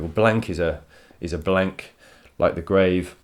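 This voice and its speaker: Deep-voiced man teaching a poetry lesson. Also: moderate pace. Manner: enthusiastic, explanatory, repeats words while thinking. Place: home.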